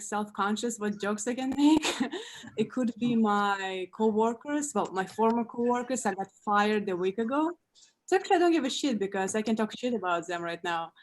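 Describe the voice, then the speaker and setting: A woman does stand-up comedy over a video call and giggles between her lines. Her voice sits a little high. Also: a little hiss or hum. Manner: giggly, breaks into laughs.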